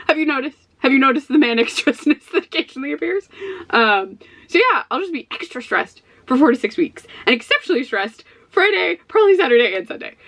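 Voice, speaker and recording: A woman's voice: high-pitched, fairly bright tone. A stressed woman rambling to her camera in a casual book vlog. She talks in loose, self-deprecating asides, breaking into small laughs as she goes, recorded in her own office. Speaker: book vlogger.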